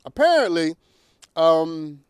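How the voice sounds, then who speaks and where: Animated high-voiced man from New York. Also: slow, smooth, no room sound. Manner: animated, laughs at his own points, talks straight to viewers. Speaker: talk show host. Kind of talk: opinionated studio commentary.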